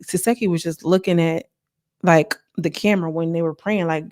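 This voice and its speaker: A woman's voice: lowish voice, steady tone, normal speed, darkish tone, dry recording, clean studio sound. A woman reviewing a reality TV show in a casual, chatty recap, talking straight to her viewers. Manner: chatty, talks straight to viewers, acts out quotes.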